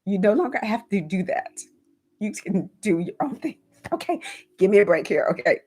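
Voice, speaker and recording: A woman's voice: medium pitch, sing-song, normal speed, slightly rough. A woman in her fifties hosting a home decor channel, chatting casually on a livestream, emotional and encouraging, speaking of her faith and thanking viewers by name. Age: 50s. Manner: warm, emotional, reads viewer comments; faith-filled encouraging talk.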